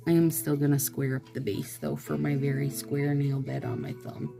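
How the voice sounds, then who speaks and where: A woman's voice: a bass voice, little pitch movement, normal speed, vocal fry, over music. A woman chatting casually to her viewers as she reviews nail products, with exasperated asides and talk aimed straight at the audience.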